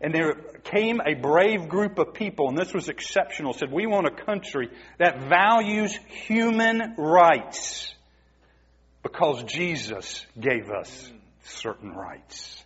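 A man's voice: on the high side, animated, takes it slowly, fairly bright tone, husky. A man preaching a sermon, emphatic and asking the congregation rhetorical questions. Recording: dull, muffled recording in a reverberant hall.

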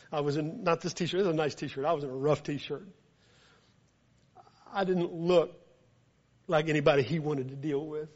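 A man with a Southern US accent, preaching a sermon that turns into a lively story, speaking quietly at times and loudly at others. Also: on the high side, normal speed, pauses often. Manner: animated, builds from quiet to loud when telling a story. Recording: dull lo-fi recording.

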